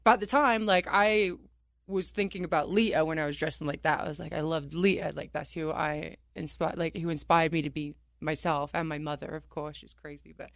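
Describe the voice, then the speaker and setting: A woman's voice: deep voice, fairly even intonation, fairly quick, gravelly, no echo, studio quality. A woman guest on a radio talk show, animatedly telling stories from her career, laughing often and acting out quotes. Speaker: wrestler guest. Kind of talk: casual radio interview storytelling.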